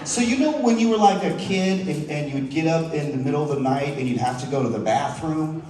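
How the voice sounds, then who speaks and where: A man's voice: fairly high pitch, brisk, a little mellow. A man in his thirties from Southern Oregon, doing a stand-up comedy set in a loose, chatty way with frequent restarts. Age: 30s. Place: large theater stage. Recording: echoey, distant theater recording with room noise.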